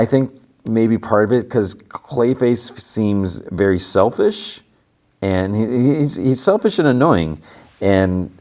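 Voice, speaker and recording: Male podcast host, deep voice, loose casual recap, lots of filler and restarts. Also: darkish tone. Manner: rambling, full of "like" and "you know", frequent restarts.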